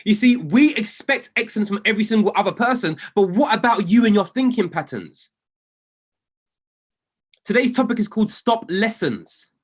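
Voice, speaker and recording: A man gives a motivational talk to a room of traders, his pitch leaping and dipping all through. He leans on repetition and emphasis the way a preacher would, building each point as a story. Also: expressive, normal speed, breathy edge. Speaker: trading coach.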